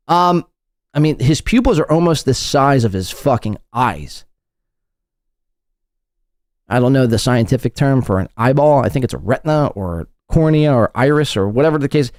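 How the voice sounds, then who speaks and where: A man's voice: mid-range voice, darkish tone, no echo, clean studio sound. Sarcastic mocking podcast host, man. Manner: sarcastic, crude. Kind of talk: mocking commentary.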